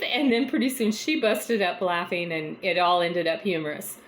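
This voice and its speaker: A woman's voice: on the low side, expressive, normal speed, hardly any pauses. A woman hosting a casual faith talk, telling a folksy story in a chatty way that livens up as she retells it. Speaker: host of a faith encouragement vlog.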